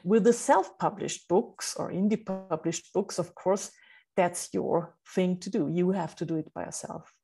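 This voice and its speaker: An Austrian writing coach with a German accent answers podcast interview questions in a lowish, gravelly, mellow and husky voice. She speaks at a measured pace and occasionally hunts for the right English word.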